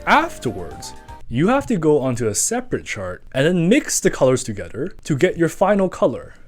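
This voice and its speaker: A man's voice: a little high, wildly swooping pitch, normal speed, faint music behind. A man reading a scripted commentary in a casual, chatty way, full of asides. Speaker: video essayist.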